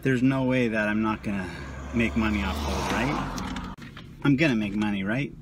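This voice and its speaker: Chatty man vlogging over loud car noise. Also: lowish voice, normal speed. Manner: chatty, self-mocking. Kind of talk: casual vlog narration.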